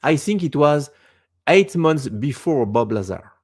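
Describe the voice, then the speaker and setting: A man in his fifties from France, a native French speaker with a Quebec French accent, talking as an interview guest in halting English and searching for words. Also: a little high, sing-song, a little mellow, husky. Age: 50s. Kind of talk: casual interview talk.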